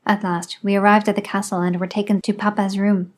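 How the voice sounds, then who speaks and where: A woman reading a memoir aloud in scripted narration, measured and even. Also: medium pitch. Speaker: audiobook reader.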